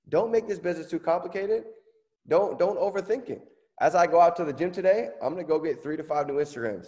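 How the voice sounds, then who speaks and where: A man's voice: a little high, darkish tone. A man giving an emphatic motivational business training talk, checking in with his listeners as he goes. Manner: emphatic, asks "okay?" often, surges of energy. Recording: long reverb, echoey room.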